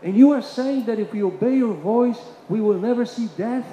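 A man delivers a sermon in a high, mellow voice. He swells to emphatic peaks and falls back to quiet asides, sometimes repeating himself mid-thought. The long reverb of a big hall and faint room noise surround him. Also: normal speed. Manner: repeats phrases while searching for words. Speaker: preacher.

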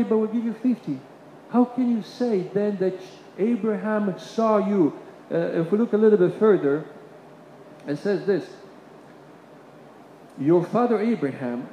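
A man delivers a sermon in a high, mellow voice. He swells to emphatic peaks and falls back to quiet asides, sometimes repeating himself mid-thought. The long reverb of a big hall and faint room noise surround him. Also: highs cut off. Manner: repeats phrases while searching for words. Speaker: preacher.

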